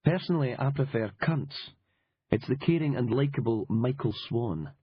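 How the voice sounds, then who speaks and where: A man with a husky voice playing a cynical, wry male reporter who swears freely and talks with dry determination. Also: mid-range voice, lively intonation, moderate pace, dry recording. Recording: dull lo-fi audiobook recording.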